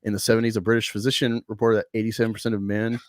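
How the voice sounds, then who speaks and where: A man's voice: fairly low pitch, flat delivery, racing, dry recording, studio quality. A man in casual livestream chat who laughs often and reads text aloud.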